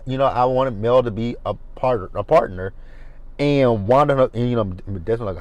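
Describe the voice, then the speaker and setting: A man giving a sassy, animated, swearing commentary on a reality TV episode. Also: medium pitch, brisk, no room sound. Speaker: reality TV reviewer. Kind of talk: casual commentary.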